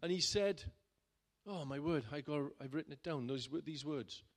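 A man, a pastor, telling a personal story in a sermon in a chatty way that builds to loud, emphatic bursts. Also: fairly high pitch, normal speed. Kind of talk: sermon testimony.

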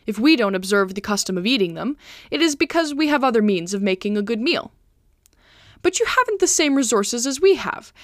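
A woman reading the part of a loyal male servant who stays calm and talks his way out of trouble with wry reasoning. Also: on the high side, dry recording, clean studio sound.

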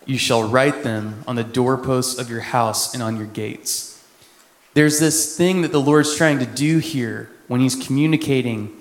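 A man from Texas, a missionary, preaching a sermon in a conversational way with quick asides. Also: mid-range voice. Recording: echoey hall with long reverb.

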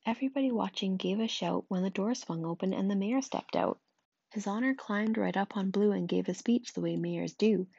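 A woman reads a rhyming children's book aloud in a lively, rhythmic way. Her voice has a gravelly, slightly husky texture. The recording is dry and sounds dull and muffled. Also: medium pitch, moderate pace, no echo. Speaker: storyteller. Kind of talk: reading a picture book aloud.

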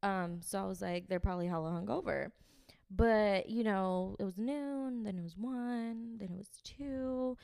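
A woman's voice: mid-range voice, a little slow, vocal fry, darkish tone, clear, resonant tone. A young woman co-hosting a podcast, telling a story in slangy casual chat with lots of laughter. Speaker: podcast co-host.

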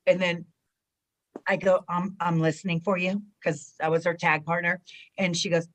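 A woman's voice: on the low side, level tone, moderate pace. A woman in casual group chat, giggling and telling stories. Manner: giggly, storytelling.

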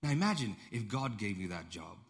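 A man's voice: lowish voice, very animated, a little fast. A man preaching a sermon in a conversational storytelling way, repeating phrases and putting questions to the congregation. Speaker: pastor.

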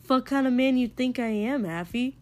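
A woman reading the lines of a reckless, crude and teasing young man, blunt and gruff. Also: sits high, normal speed, darkish tone, natural voice.

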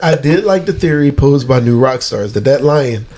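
A man co-hosting a podcast talks casually and animatedly about movies, explaining at length and laughing often. His medium-pitched voice moves at a normal speed over a noisy crowd.

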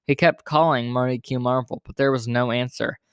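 A man reads a children's story aloud with steady, plain storybook pacing. His mid-pitched voice is recorded close and dry, with no room sound behind it. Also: fairly quick, clear, resonant tone, no room sound.

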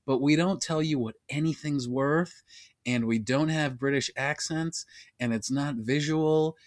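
A man's voice: on the high side, measured pace, no room sound, clean studio sound. A man co-hosting a comedy podcast, joking and self-mocking as he rambles through casual chat. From United States. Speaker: podcast co-host.

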